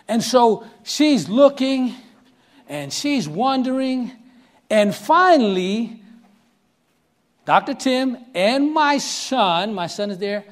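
A middle-aged man preaching, telling a story animatedly and acting out the voices, often asking listeners if they are following. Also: sits high. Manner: animated, acts out voices in quotes, asks the audience if they follow. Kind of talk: sermon storytelling.

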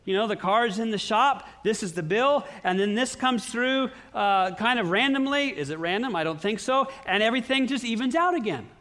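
A middle-aged pastor preaching a sermon in a church, telling stories in an earnest way with lively swings in his voice. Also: moderate pace, few pauses. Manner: earnest storytelling with animated swings in pitch.

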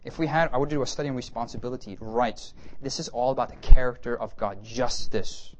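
A man giving a conversational sermon lecture with slides, lively and often checking in with his listeners. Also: medium pitch, brisk, a little hiss or hum. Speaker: preacher teaching a class.

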